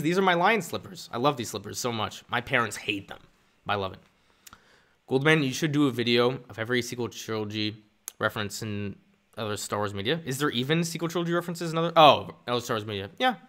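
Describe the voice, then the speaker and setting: A man's voice: mid-range voice, animated, quick pace, fairly bright tone. A young man chatting casually on a live stream, rambling and self-deprecating as he reads chat.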